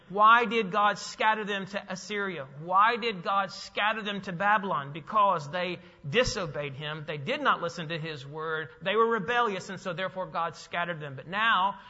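A man's voice: sits high, pushed and bright, in a large hall, dull audio. A man preaching a sermon as pastor, emphatic, with rhetorical questions to the congregation.

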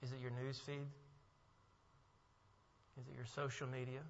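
A male pastor preaching a sermon in a church, moving from hushed reflection to emphatic, rising delivery. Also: mid-range voice, monotone, moderate pace, a little hiss or hum. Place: church sanctuary. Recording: muffled sound with long hall echo.

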